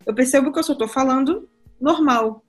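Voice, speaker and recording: A woman's voice: high voice, fairly quick, faint music behind. A young woman from Brazil with a Brazilian accent shifted toward British English, chatting casually as a podcast guest and laughing often. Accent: Brazilian Portuguese, shifted toward British English.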